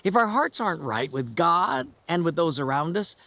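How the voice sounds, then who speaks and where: Lively-voiced male pastor preaching. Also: fairly high pitch, normal speed, dry recording. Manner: storytelling, earnest and encouraging. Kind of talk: sermon.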